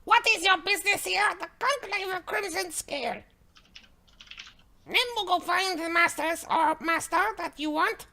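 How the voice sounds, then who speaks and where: A woman's voice: very high-pitched, normal speed, gravelly, bright, forceful tone, heavily acted. A woman doing a tiny, stiffly polite servant. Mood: formal. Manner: stiff, literal, refers to self by name. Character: small, extremely polite servant who speaks of herself in the third person. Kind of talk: tabletop role-play.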